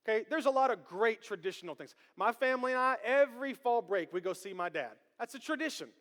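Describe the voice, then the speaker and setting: A man preaching a sermon as pastor, animated, repeating words and building to emphatic questions. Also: very high-pitched, fast. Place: church sanctuary. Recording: long hall reverb.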